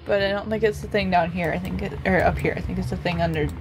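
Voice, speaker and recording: A woman's voice: fairly low pitch, steady tone, fast talker, background noise. A young woman co-hosting a let's play, teasing her partner and steering the game in casual chat. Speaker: co-host.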